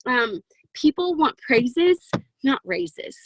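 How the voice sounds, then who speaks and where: A young woman in her twenties coaches her sales team over a video call, chatty and excitable, with a lot of "um" and "right?". Her voice sits a little high. The sound is close and dry, with no room echo. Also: slow. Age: 20s. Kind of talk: motivational team coaching talk. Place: home walk-in closet.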